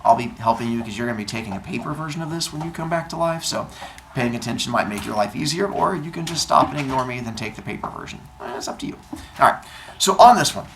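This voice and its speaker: A male teacher walking seventh graders through a quiz step by step, with dry sarcastic asides. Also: on the high side. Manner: steady step-by-step explaining. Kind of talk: classroom instruction. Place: classroom full of seventh graders. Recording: noisy classroom. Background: student chatter.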